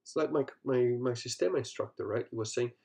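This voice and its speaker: Talking at a quick pace, a middle-aged solo podcast host has a gravelly, warm, mid-range voice. He tells blunt, profane stories and acts out the things people said.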